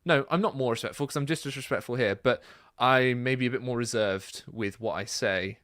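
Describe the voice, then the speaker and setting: A relaxed Englishman chats through viewer questions as host of his own channel. His talk drifts along with plenty of ums and asides, at an everyday middle pitch. The recording is close and dry, with no room sound. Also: brisk, dry recording. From Britain. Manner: chatty and relaxed, many fillers and asides. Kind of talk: casual Q&A reading viewer comments.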